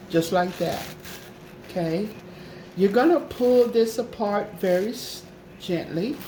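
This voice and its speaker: A woman's voice: mid-range voice, warm tone, roomy sound, slight background noise. A woman hosting a casual craft tutorial, talking in a chatty, repetitive way and often checking in with "okay?". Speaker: craft channel host.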